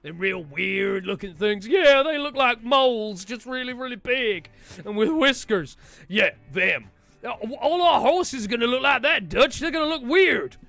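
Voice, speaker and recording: A man's voice: extremely high pitch, lively intonation, a little slow, gravelly, pushed and bright, soft background music, heavily acted. A man voicing an exasperated, weary male outlaw who pleads and complains in a drawling way.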